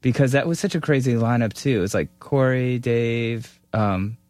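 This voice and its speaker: A man's voice: mid-range voice, normal speed, darkish tone, no room sound. A man hosting a podcast, chatting casually and asking his guest questions. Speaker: podcast host. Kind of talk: casual interview chat.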